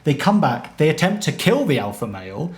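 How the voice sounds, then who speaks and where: A man's voice: on the high side, big pitch swings. A man hosting a show and talking eagerly with a guest, sharing examples as he goes. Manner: enthusiastic, quick to share examples. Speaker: show host. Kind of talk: conversational interview.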